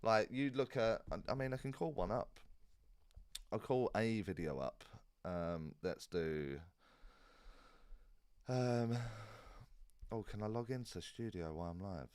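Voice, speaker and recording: A man hosting a live Q&A stream in a relaxed, rambling way, with many fillers and restarts. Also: deep voice, slow pace, pauses often, clean tone, dry recording. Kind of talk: casual live-stream chat.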